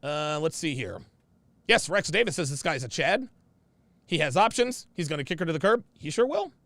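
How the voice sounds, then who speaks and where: A high-pitched man with a gravelly edge talks through a casual livestream and reads viewer comments aloud. His delivery is blunt and full of slang, and he often says the same phrase twice for emphasis. The sound is dry and close. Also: sing-song, normal speed, a bit bright, dry recording.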